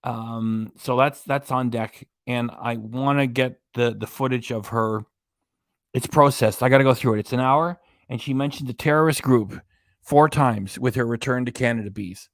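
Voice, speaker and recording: A man's voice: mid-range voice, normal speed, no echo, clean studio sound. A man hosting a reaction live stream in a casual, mocking way, laughing often as he talks. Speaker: reaction channel host.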